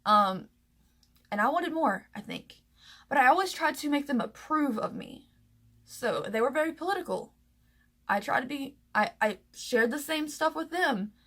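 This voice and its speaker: Emotional young woman, slightly high voice. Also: animated, a bit bright. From US South. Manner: emotional, halting, with many fillers and restarts. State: close to tears. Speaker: vlogger. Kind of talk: personal storytelling to camera.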